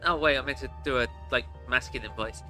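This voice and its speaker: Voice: medium pitch, fast, sharp tone, soft background music. A game streamer chatting and reacting to viewers while playing. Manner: chatty, laughing, reacting to chat. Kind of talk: let's play commentary.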